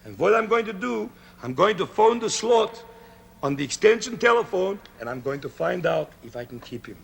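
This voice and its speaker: A man's voice: sits high, big pitch swings, normal speed, gravelly, husky, heavily acted. An actor playing a jokey, dog-loving pet expert in a 1970s children's TV sketch, folksy and chuckling at his own jokes. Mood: chatty. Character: chatty male pet expert, jokey, fond of dogs.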